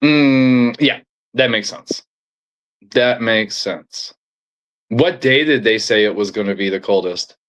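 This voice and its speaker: A man's voice: medium pitch, slow pace, fairly bright tone. A man from Canada hosting a casual chat, laid-back and swearing freely.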